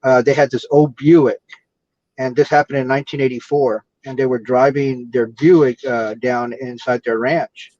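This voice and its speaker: Brief: man, halting fireside-style storyteller, dry lo-fi video-call sound. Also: mid-range voice, steady tone, a little mellow, no room sound. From Texas. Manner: halting, full of "uh" fillers and restarts. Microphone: computer or phone mic on a video call. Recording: dull lo-fi video call audio.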